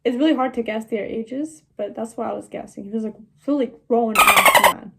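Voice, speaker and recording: A woman's voice: on the high side, huge pitch swings, moderate pace, gravelly, very noisy. A seventeen-year-old girl chatting through a travel storytime vlog, laughing often and filling her talk with "like". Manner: chatty, laughing, many "like" fillers. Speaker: travel vlogger.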